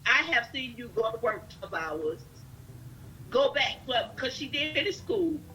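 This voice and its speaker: A woman's voice: on the high side, very animated, measured pace, pushed and bright, slight background noise, rough recording. A woman speaking earnestly in a casual family conversation.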